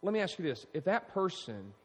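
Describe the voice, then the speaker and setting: A male pastor preaching a sermon, animated and emphatic, calling out to his congregation. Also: high-pitched, a little fast. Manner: animated, preaching with rising emphasis and audience call-outs. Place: church sanctuary. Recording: long reverb in a large hall.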